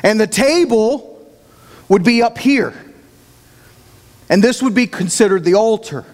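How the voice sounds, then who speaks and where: A man's voice: high voice, animated, unhurried, darkish tone, long reverb tail. A man from Oklahoma with an Oklahoma accent, preaching a sermon as pastor in a folksy, self-deprecating way, often repeating words as he thinks.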